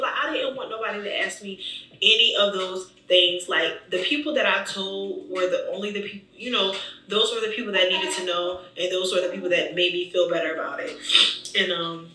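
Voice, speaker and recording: A woman's voice: mid-range voice, fairly quick. A young woman vlogger telling a storytime, animatedly acting out what people said to her. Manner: animated retelling, acting out quoted dialogue. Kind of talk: storytime vlog. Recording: echoey room, voice distant from mic.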